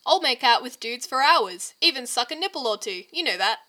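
Woman voicing an excitable, pushy young man. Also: high-pitched, a little fast. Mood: playful. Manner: eager, teasing, wheedling.

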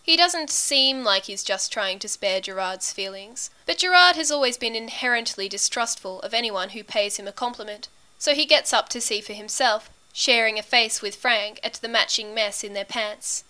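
A woman reads a story aloud in a steady, intimate way. Her voice is bright and crisp, sitting a little high, and very smooth. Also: normal speed, few pauses. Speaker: reader. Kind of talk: audiobook story narration.

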